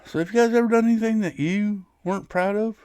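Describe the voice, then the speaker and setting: A podcast host with a high, clean, darkish voice tells a personal story at a quick pace, casually rambling, often restarting sentences and laughing. The recording has no echo.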